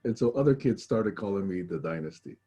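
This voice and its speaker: A man hosts a casual video call with a husky, warm, lowish voice. He tells stories calmly and with dry humor. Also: fairly quick, muffled recording. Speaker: study group host. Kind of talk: casual chat.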